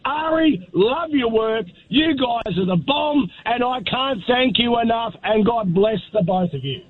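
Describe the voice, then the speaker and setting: A man's voice: very high voice, expressive, a little slow, slightly rough. A man with an Australian accent, calling in to a talk show, upbeat and effusive with plenty of slang. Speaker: caller. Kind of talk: call-in chat. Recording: tinny phone line with faint noise.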